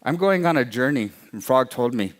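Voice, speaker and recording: A man's voice: mid-range voice, animated, moderate pace, close to an everyday voice. Storybook mouse, male, timid and wondering, earnest questions; a male storyteller voices him. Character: small timid curious male mouse on a journey.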